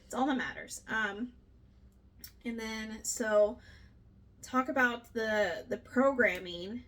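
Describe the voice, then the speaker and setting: A young woman co-hosting a casual book discussion, chatty and animated, swearing now and then and acting out what characters say. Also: a little high, slow pace. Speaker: book club co-host.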